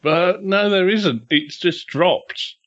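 A man co-hosting a casual podcast, speaking in a thoughtful, measured way. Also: high voice, a bit bright, highs cut off. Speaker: podcast co-host. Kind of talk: casual chat.

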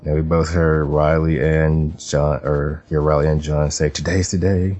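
A man's voice: very deep voice, little pitch movement, measured pace, darkish tone, soft background music. A man hosting a podcast in casual chat, jokey and given to giggling. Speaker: podcast host.

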